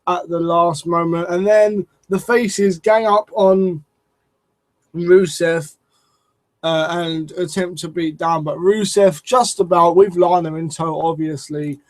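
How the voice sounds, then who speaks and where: High-voiced man ranting casually. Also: steady tone, slow, dry recording, rough recording. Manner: rambling, profane, lots of restarts and fillers. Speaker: wrestling show reviewer. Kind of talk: casual commentary review.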